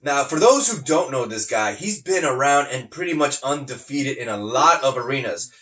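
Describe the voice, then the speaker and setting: A man co-hosting a casual podcast, excitable, quick to shout and swear in shock. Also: mid-range voice, distant mic. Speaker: podcast co-host. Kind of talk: casual chat.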